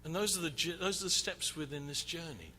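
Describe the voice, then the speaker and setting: Lively man in a big hall. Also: a little high, a little fast, slight background noise. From England. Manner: animated, acts out shouting crowd. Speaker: worship leader. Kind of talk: conference teaching with a story. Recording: reverberant hall, faint ambience.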